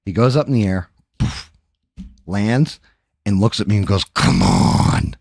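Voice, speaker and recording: A man's voice: fairly low pitch, normal speed, dry recording, clean studio sound. A man hosting a livestream chat and telling a story casually, swearing freely and adding sound effects as he talks. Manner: profane, animated, with sound effects. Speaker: livestream host.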